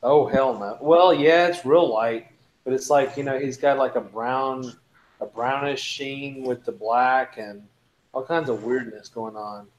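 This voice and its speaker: A man hosting a casual chat stream, rambling and animated, swearing offhandedly. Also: mid-range voice, measured pace, dull audio. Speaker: host.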